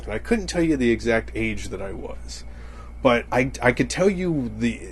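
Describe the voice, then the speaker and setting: A young man talks his way through a loose comedic monologue for a podcast. He keeps cutting himself off mid-sentence and laughs at his own jokes, and his voice sits at an ordinary, middle pitch. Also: big pitch swings, normal speed, a little hiss or hum. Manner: rambling, self-interrupting, laughs at own jokes.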